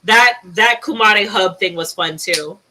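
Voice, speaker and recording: A woman co-hosting a casual chat from her room at home over a video call, excitable and laughing often. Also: mid-range voice, measured pace, very noisy. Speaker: co-host.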